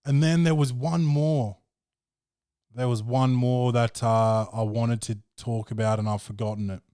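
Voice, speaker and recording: A man's voice: medium pitch, fairly even intonation, unhurried, dark tone, clear, resonant tone, no echo, clean studio sound. A man hosting a podcast, telling crude, rambling stories in casual chat. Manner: rambling, profane storytelling, peppered with "bro". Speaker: podcast host.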